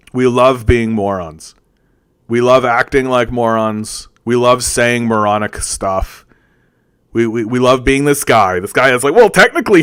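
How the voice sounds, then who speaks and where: A man's voice: medium pitch, smooth, no echo. Man ranting angrily with a dry sound. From Canada. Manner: angry, profane, repeats words while ranting. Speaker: political commentator. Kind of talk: ranting political commentary.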